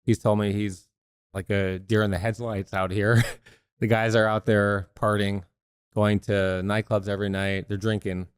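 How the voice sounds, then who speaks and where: A man's voice: on the low side, level tone, unhurried, clear, resonant tone, no echo, studio quality. A man hosting a podcast, asking his guest questions that sum up the story first. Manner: leading, summarizing questions. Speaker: podcast host, interviewer. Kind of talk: interview questions.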